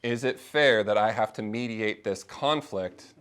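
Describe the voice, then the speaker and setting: Unhurried and clean in tone, his voice falls on the low side. The middle-aged man guides a small faith discussion informally, with animation, dramatizing the voices of those he quotes.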